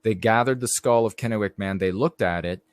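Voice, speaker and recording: A man's voice: lowish voice, fairly quick, dry recording. A middle-aged man hosting a live stream, telling rambling stories in a casual monologue and talking straight to his viewers. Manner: rambling storyteller, addresses viewers directly.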